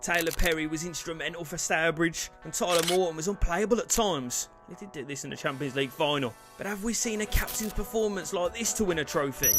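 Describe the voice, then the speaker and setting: Excitable gaming YouTuber. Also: male voice, a little high, a little fast, hardly any pauses, music in the background. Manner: loud outbursts, cheeky banter. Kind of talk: excitable game commentary.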